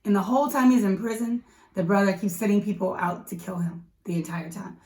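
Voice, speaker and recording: A woman co-hosting a casual movie review, talking in a chatty, animated way with quick asides. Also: medium pitch. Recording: echoey room, mic at a distance.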